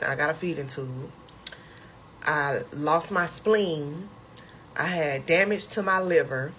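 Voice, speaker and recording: A woman telling a personal story in a casual, animated storytime style, acting out her own outbursts. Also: fairly low pitch, a little hiss or hum. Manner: animated, emotional retelling with lively quoted outbursts.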